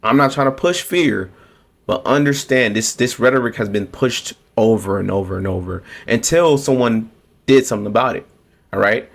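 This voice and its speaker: A man's voice: mid-range voice, moderate pace, creaky. A man giving a casual, repetitive political rant to camera, often restarting his sentences. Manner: repetitive, restarts, sarcastic mocking quotes. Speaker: political commentator.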